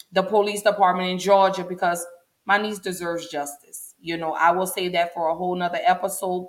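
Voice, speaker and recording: A woman, hosting a casual livestream and talking straight to her viewers, chatty and emotional. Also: fairly low pitch. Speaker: show host.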